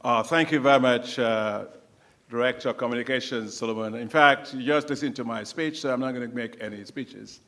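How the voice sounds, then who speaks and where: A man's voice: medium pitch, a little fast. A man, a bank president, giving formal remarks at a press conference in an appreciative tone toward the media. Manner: warm, appreciative address to the press. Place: large conference hall.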